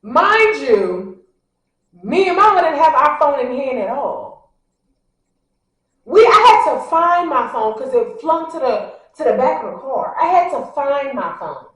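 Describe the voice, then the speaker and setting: A woman vlogger telling a story casually to her viewers, animated and acting out what people said. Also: high-pitched, a little slow. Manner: talks straight to the audience, addressing them directly. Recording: very echoey, a bit far from the mic.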